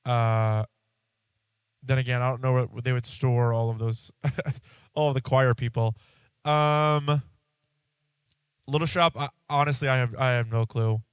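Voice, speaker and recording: A man's voice: mid-range voice, fairly even intonation, a little slow, long pauses, smooth, no room sound. A congested man hosting a podcast, chatting casually and rambling, cutting himself off and swearing now and then. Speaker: podcast host. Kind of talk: casual solo podcast chat.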